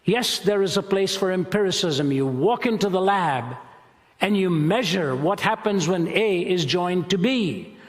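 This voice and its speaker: A man preaching a sermon with a dramatic, emphatic delivery and slow stressed phrases. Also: sits high, expressive. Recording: long hall reverb.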